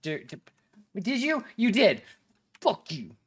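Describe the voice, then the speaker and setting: Excitable swearing streamer guy. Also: high voice, slow pace, husky. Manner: loud, excitable, swears a lot. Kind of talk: casual gaming chat.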